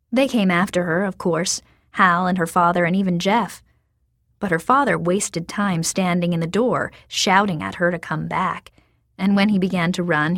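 A woman narrates a storybook in a soft, measured voice that now and then sinks to a whisper. Her voice sits somewhat low. The sound is dry and close, with no room echo. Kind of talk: storybook reading.

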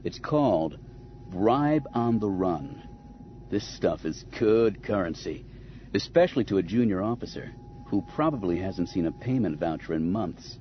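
A man's voice: sits low, big pitch swings, measured pace, pitched below the performer's own voice. A man voicing a cocky, roguish male smuggler pilot with a dry, laid-back manner, in a slightly dull recording with faint hiss. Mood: sly.

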